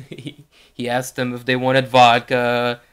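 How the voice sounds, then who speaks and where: Laid-back guy chatting on a fight podcast, steady, middle pitch. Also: slow pace, clean tone. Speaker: podcast co-host. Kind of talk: casual chat.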